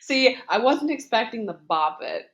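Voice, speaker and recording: A woman's voice: a little high, very animated, moderate pace, a bit bright. A young woman co-hosting a podcast, chatting casually and playfully acting out a comic scene with laughter. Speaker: podcast co-host. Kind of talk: casual chat and comic storytelling. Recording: dull lo-fi sound.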